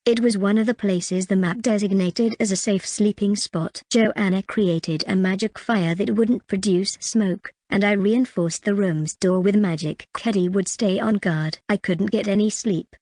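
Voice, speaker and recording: A woman narrating an audiobook in a steady, even reading voice. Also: mid-range voice, unhurried, hardly any pauses, no room sound, clean studio sound.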